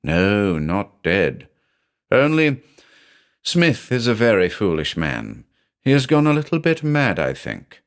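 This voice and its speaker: A man narrator slips into a shifty middle-aged landlord, wheedling and defensive, with his words in short broken pieces. His voice rides higher than the narration and swings around a lot as he excuses himself. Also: wildly swooping pitch, slow pace, smooth, exaggerated voice. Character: uneasy middle-aged male landlord with foreign lilt.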